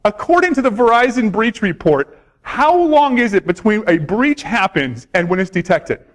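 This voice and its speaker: Male conference presenter, high-pitched, wisecracking, quizzes the audience. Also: sing-song, normal speed. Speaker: conference speaker. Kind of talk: conference talk.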